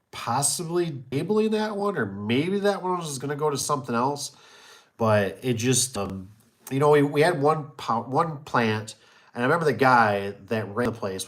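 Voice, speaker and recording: A middle-aged man who runs a garage door business, chatting casually in a rambling, folksy way with many fillers. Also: medium pitch. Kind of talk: casual chat.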